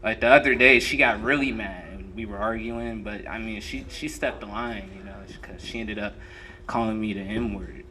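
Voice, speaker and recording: A man's voice: lowish voice, moderate pace, pushed and bright. A young man performing a profane, crowd-teasing stand-up comedy set on a club stage. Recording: noisy live room recording.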